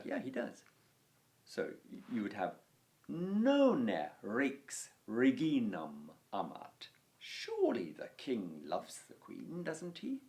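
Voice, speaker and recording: A man teaching a Latin grammar lesson, explaining at an unhurried pace and slowing down to spell out example phrases. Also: mid-range voice, vocal fry, darkish tone. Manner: unhurried, repeats words, slows for Latin examples. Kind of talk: relaxed spoken grammar lesson.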